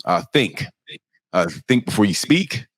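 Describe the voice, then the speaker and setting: A man's voice: on the low side, big pitch swings, a little slow, a bit bright, dry recording. A man co-hosting a podcast in a casual way, hesitant and full of fillers as he introduces the topic. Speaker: podcast co-host.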